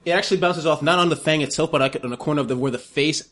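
A woman's voice: sits low, very fast. A woman playing a tabletop role-playing game, describing the creature's actions. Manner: narrates actions, lively. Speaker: player. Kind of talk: tabletop role-play chat.

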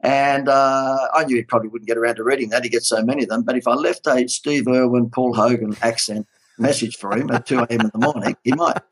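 Australian ad man, husky voice, animated yarn-spinner. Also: medium pitch, fast, rough recording. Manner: animated anecdote-teller, laughs often. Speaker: guest, advertising consultant. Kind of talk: casual storytelling interview.

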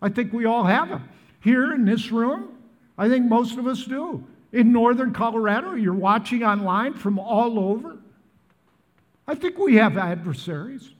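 A man's voice: very high-pitched, animated, normal speed, long reverb tail. A man in his seventies from the Midwest, preaching a sermon to a large church and asking the crowd questions again and again. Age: 70s. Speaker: pastor. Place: large church in northern Colorado.

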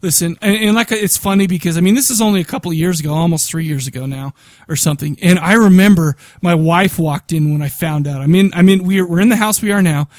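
Thirties male podcast co-host, high-pitched, heartfelt and emotional. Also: quick pace, no room sound, clean studio sound. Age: 30s. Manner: emotional, gushing, laughs easily. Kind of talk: casual chat.

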